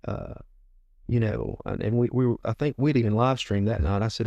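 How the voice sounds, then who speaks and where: Low, mellow-voiced man in his forties. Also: fast talker, no echo. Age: 40s. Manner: repeats words, retells what he said. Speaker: guest minister. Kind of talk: storytelling testimony.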